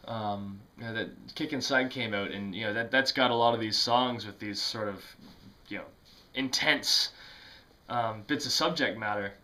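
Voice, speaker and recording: A man's voice: fairly low pitch, moderate pace, pushed and bright. A man talking casually to camera about music he loves, rambling with lots of fillers, restarts and self-mocking asides. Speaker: music vlogger.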